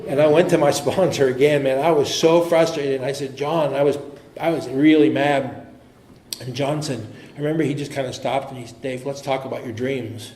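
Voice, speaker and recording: A man speaking as an AA speaker, telling his personal recovery story in an earnest, halting way with frequent restarts. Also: mid-range voice, steady tone, a little mellow. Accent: American. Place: meeting hall. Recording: echoey room with faint noise.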